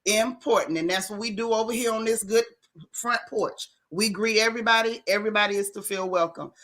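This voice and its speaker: A woman hosting a casual livestream, greeting viewers by name in a playful, animated way. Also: medium pitch, brisk. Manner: playful, animated, Southern-leaning slang. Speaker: livestream host. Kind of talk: casual live chat.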